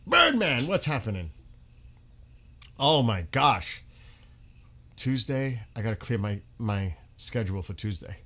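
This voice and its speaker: A man streams his live reactions, his voice swinging through a lively, animated range. He talks slowly and deliberately, with excitable bursts of disbelief and the odd curse. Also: mid-range voice. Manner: excitable, swearing, exclaims in disbelief.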